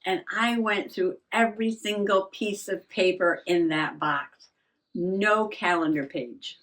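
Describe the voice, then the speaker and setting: A woman's voice: mid-range voice, slow pace, fairly bright tone. An older woman vlogging in a rambling, self-mocking way, laughing often and a little out of breath. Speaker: journaling vlogger. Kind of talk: casual chat.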